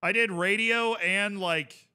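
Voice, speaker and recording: A man's voice: sits high, fairly even intonation, slow, sharp tone, clear, resonant tone. A male streamer chatting casually while reacting to clips, enthusiastic and rambling, full of fillers.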